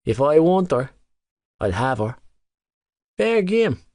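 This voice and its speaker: A hot-headed teenage boy voiced by a man in an audiobook, pitched noticeably above a grown man's voice. He spits insults and shouts them. The recording is dry and close. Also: big pitch swings, slow pace, no room sound. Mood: furious. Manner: shouting, spitting insults, voice cracking. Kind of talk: audiobook character voice.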